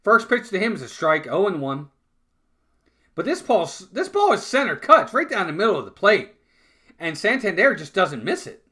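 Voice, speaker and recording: A man's voice: high-pitched, wildly swooping pitch, normal speed, bright, forceful tone. A man calling live baseball play-by-play in a casual, chatty way, often repeating words and talking to his viewers. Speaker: fan play-by-play streamer.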